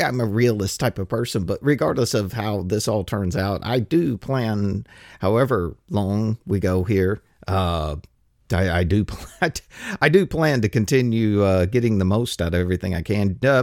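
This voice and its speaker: A man's voice: fairly low pitch, darkish tone, no room sound, studio quality. A man hosting a podcast alone, rambling through listener mail with restarts and chuckles. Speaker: podcast host. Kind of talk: casual solo podcast monologue, reading listener mail.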